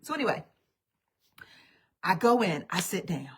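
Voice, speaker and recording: A woman vlogger telling a story to her viewers in an animated, chatty way, speaking straight to them. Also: fairly low pitch, a little slow, slight background noise. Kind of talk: casual storytime livestream.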